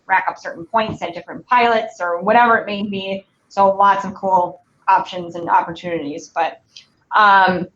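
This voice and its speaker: A woman's voice: medium pitch, steady tone, normal speed, a bit bright, lo-fi sound. Chatty Midwestern woman recruiter. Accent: Midwestern American. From Wisconsin. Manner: upbeat, chatty, many fillers. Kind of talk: live Q&A stream.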